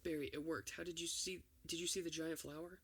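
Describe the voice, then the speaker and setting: Man, ASMR script reading, steady even delivery, raspy creaky tone. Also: fairly high pitch, a little fast. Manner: reads every part in one steady voice with few changes. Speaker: ASMR reader.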